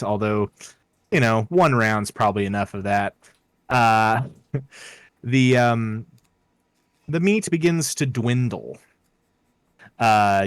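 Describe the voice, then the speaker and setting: A man's voice: fairly low pitch, smooth, no room sound. Guy game-mastering a tabletop session, lots of ums, dry close mic. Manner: halting, filler-heavy narration.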